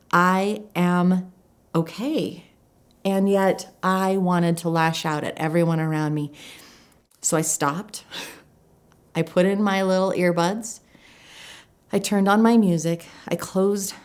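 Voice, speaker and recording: A woman with a low-pitched voice shares a personal story straight to camera. She speaks earnestly and reflectively, slowing down on the points she wants to stress. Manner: reflective, earnest, slows down for emphasis. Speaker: life coach.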